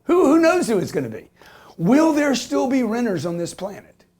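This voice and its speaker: A man's voice: very high voice, big pitch swings, moderate pace, a little mellow. A man in his fifties who talks about real estate investing, emphatic and repetitive, often asking "okay?" and swearing as he jokes. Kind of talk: animated business talk.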